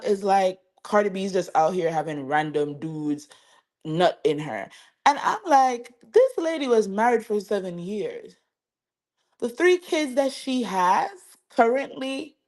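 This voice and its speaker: A woman hosting a celebrity gossip show, giving chatty, animated commentary and talking straight to her viewers. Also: medium pitch. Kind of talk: casual commentary to camera.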